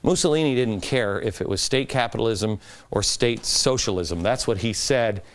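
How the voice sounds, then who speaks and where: A man's voice: lowish voice, normal speed. A middle-aged man hosting a talk show, giving an emphatic political commentary monologue. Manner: animated, emphatic, rising to stress points.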